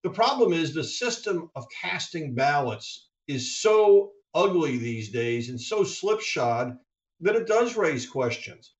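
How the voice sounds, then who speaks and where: A man speaking as a guest commentator in a casual interview, measured and critical. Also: a little high, big pitch swings. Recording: distant roomy dull phone-in line.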